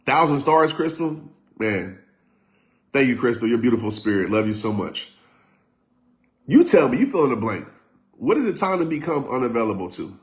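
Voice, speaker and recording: A man's voice: mid-range voice, big pitch swings, normal speed, pauses often. Emphatic man preaching to live viewers. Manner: preaching, emphatic and repetitive, sometimes shouting; talks directly to live viewers. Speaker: motivational speaker. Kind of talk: live-streamed motivational talk.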